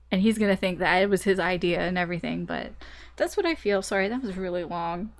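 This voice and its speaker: A woman's voice: fairly low pitch, fast. Chatty woman giving a tarot reading. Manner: chatty, laughs often, swears casually; animated storytelling. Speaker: tarot reader.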